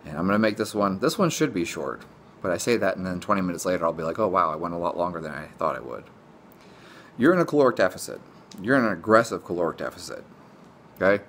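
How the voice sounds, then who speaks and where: A man, a fitness coach, explaining a topic in a blunt, profane, animated casual monologue. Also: low-pitched, a little hiss or hum.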